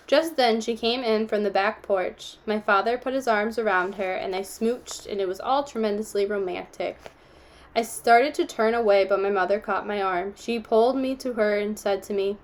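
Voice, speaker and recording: A woman reading a novel aloud, telling the story steadily and giving the characters gentle voices. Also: mid-range voice. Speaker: audiobook reader.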